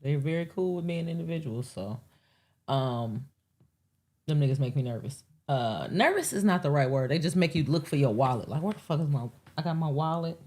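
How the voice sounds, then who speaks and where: Woman, live show host, low voice, lively swings in pitch, rambling profane chat. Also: moderate pace. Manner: rambling, profane, animated asides with acted quotes. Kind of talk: casual live-stream monologue.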